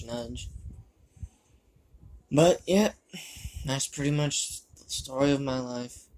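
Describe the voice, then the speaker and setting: A man's voice: medium pitch, slight background noise, natural voice. A man voicing a crude, boastful male spider demon in a fan fiction monologue, rambling and gleeful about violence, with a shifting put-on British-style accent.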